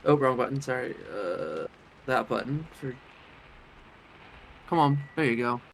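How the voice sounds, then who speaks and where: Slow, gravelly male player. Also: mid-range voice, lively intonation, slight background noise, poor audio. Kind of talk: tabletop game play.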